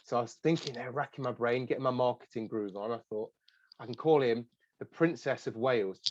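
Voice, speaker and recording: A man's voice: mid-range voice, brisk, a little mellow, muffled recording. An English man co-hosting a podcast, teasing his co-host in casual chat. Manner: teasing, jokey.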